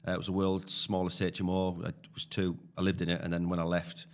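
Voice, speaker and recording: A man with a deep, low voice and a Teesside accent. He talks in a loose, chatty way, full of fillers, like a guest on a casual podcast. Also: monotone, quick pace. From Teesside, England. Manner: chatty storyteller, many fillers. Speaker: guest, property investor.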